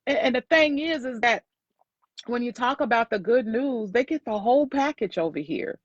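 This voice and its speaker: A woman host with a fairly high voice, preaching her point with emphatic repetition. The sound is dull and lo-fi, yet close and dry with no room around it. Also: animated, moderate pace, no room sound. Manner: emphatic, preachy, repeats lines for effect. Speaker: host and sales coach. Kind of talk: motivational faith talk.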